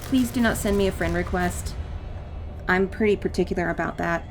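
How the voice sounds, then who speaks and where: A woman's voice: fairly low pitch, normal speed, a little hiss or hum. A woman chatting casually as she plays a video game, rambling into side tangents and apologizing for them. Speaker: let's play gamer. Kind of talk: casual gameplay commentary.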